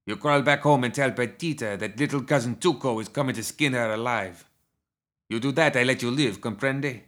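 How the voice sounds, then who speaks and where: A man's voice: medium pitch, moderate pace, fairly bright tone, pitched above the performer's own voice, natural voice. A man voicing a cruel, sneering male gunslinger outlaw with a menacing drawl.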